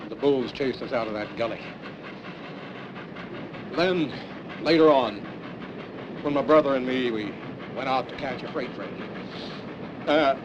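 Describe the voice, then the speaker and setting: An older man telling his story as a hobo in a rambling, folksy drawl full of curses, on muffled 1970s film sound with hiss. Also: medium pitch. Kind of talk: rough storytelling documentary interview. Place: in a cave.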